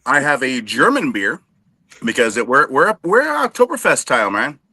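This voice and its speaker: Man, podcast co-host, bright voice, lively pitch, dry self-deprecating jokes, casual banter, dry close recording. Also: moderate pace, slightly rough, dry recording.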